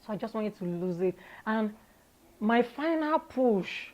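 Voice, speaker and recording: A Nigerian woman, an interview guest, telling her own story in a candid, lively way and laughing often. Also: a little high, measured pace, muffled recording.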